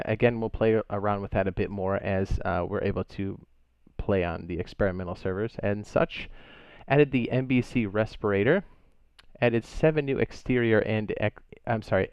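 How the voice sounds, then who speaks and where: A man's voice: lowish voice, darkish tone, clean tone, dry recording, muffled recording. A man hosting a gaming channel, reading out update notes with offhand asides and fillers. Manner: reads list items aloud with offhand asides and fillers. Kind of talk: casual patch-notes rundown.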